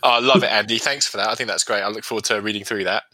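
A man co-hosting a casual football podcast, jokey and quick to laugh. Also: on the low side, fairly even intonation, bright, forceful tone. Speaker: podcast co-host.

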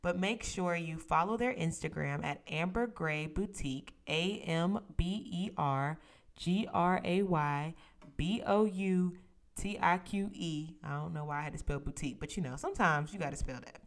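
A young woman hosts her own podcast, talking to listeners like close friends. Her voice sits a little low for a woman, and she is playful and emphatic, pushing hard on the words she wants to land. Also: moderate pace. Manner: expressive, playful, sisterly and emphatic. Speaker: podcast host. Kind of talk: casual solo podcast talk.

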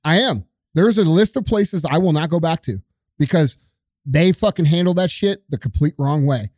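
A man's voice: on the high side, expressive, normal speed, no echo, studio quality. A man co-hosting a podcast, ranting with profanity in casual talk. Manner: profane, forceful, preachy. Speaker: podcast co-host.

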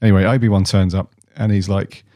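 Brief: male co-host, lowish pitch, laid-back banter, casual swearing. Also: level tone, a little fast, warm tone, no room sound, clean studio sound. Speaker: podcast co-host. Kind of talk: casual chat.

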